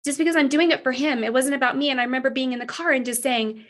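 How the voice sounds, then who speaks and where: Guest, woman, high voice, earnest and emotional. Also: steady tone, very fast. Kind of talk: casual chat.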